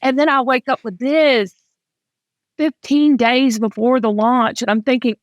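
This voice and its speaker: A podcast host, a middle-aged Southern US woman, shares candid, emotional stories in relaxed conversation. She speaks a little slowly in a high-pitched voice with a steady tone, and there is no room sound.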